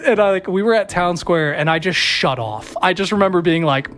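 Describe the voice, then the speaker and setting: A man's voice: high voice, a little fast, few pauses, fairly bright tone, faint music behind. A man co-hosting a podcast, chatting casually and rambling with self-mocking asides and restarts. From Las Vegas, Nevada. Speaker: podcast co-host. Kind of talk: casual chat.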